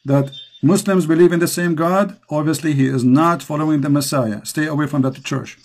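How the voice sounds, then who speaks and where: A man's voice: fairly high pitch, a little mellow. Impassioned Arabic-accented male preacher. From Middle East. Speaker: host. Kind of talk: preaching to a caller.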